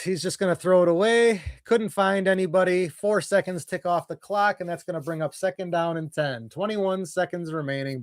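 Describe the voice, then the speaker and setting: A young man giving nervous, excitable fan play-by-play of a football game, his voice jumping during big plays. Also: sits high, no echo, clean studio sound. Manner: nervous, excitable, voice jumps when plays unfold. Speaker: fan commentator.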